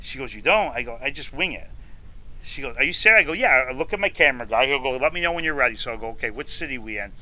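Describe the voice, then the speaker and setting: A man's voice: medium pitch, lively intonation, quick pace, sharp tone, rough recording. A middle-aged man from upstate New York telling a long story on a podcast, acting out both sides of each conversation. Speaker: podcast guest, food show host. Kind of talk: casual storytelling interview.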